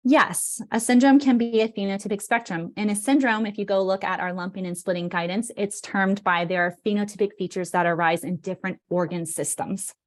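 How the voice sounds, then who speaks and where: A woman's voice: mid-range voice, brisk, hardly any pauses. Woman walking folks thru a presentation on a video call, lots of um and right?, upbeat. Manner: energetic, explanatory, frequent "um" and "right?". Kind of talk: online presentation.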